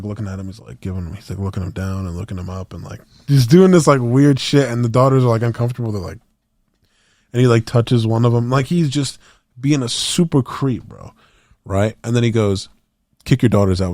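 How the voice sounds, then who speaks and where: Recorded dry at studio quality, this male podcast co-host has a low, slightly mellow voice. He tells rambling stories about movie scenes in casual conversation, acting out the lines and swearing freely.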